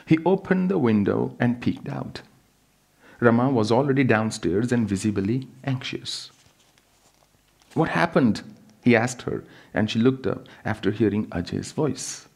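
A spiritual teacher reading his own book aloud in a calm, measured storytelling manner. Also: medium pitch, creaky.

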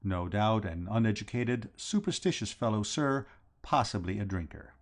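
A man voicing a grave, deferential middle-aged valet who answers formally and softly. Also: on the low side, animated, normal speed. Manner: formal, quiet, understated replies.

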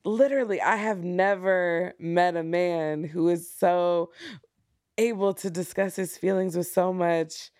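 A woman with a somewhat low voice, hosting a relaxed interview. She speaks slowly and asks curious questions, with frequent fillers and laughs. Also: smooth. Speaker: host. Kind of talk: casual interview chat.

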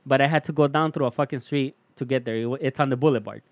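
A man's voice: mid-range voice, quick pace, dry recording. A young man, telling a story in casual chat, slangy and profane, calling his listener "fool" over and over.

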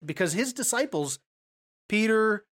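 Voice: mid-range voice, lively intonation, a little slow, a bit bright. A preacher teaching a Bible passage in a conversational sermon, full of rhetorical questions and self-corrections.

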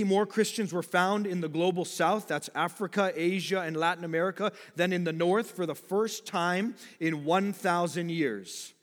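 A man preaching a sermon, moving between loud, emphatic exhortation and quiet, low explanation. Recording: long hall reverb.

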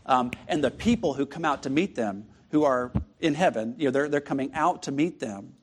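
A man's voice: mid-range voice, expressive, a little hiss or hum. Conversational man preaching a sermon. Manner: conversational, halting with restarts.

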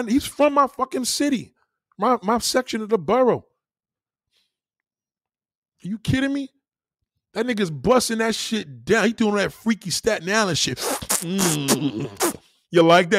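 Brief: profane New man hosting a podcast, a lively up-and-down voice, dry close mic. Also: high voice, no room sound. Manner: animated, profane, laughing asides. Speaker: podcast host. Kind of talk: crude comedic rant.

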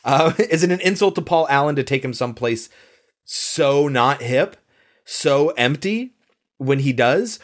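A man's voice: mid-range voice, animated, measured pace. A man co-hosting a casual podcast about a film, talking in a wry, analytical way and musing aloud with rhetorical questions. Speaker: podcast co-host.

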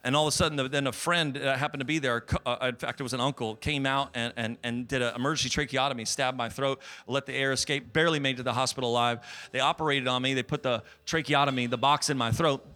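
A young man preaching a sermon as a guest pastor, telling a personal story that builds to shouted praise. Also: mid-range voice, steady tone, fast talker, hardly any pauses.

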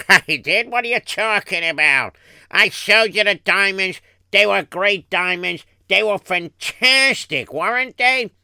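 A man's voice: high voice, animated, unhurried, creaky, sharp tone, smooth, no room sound, exaggerated voice. A man voicing a sly, crooked male merchant who chuckles and wheedles as he talks. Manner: chuckling, wheedling, laughs often.

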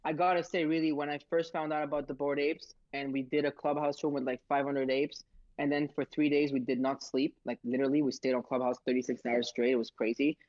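Excitable rambling man, dull dry audio. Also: medium pitch, brisk, no room sound. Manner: excitable, rambling, acts out sounds. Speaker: host of social audio rooms. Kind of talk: casual storytelling answer.

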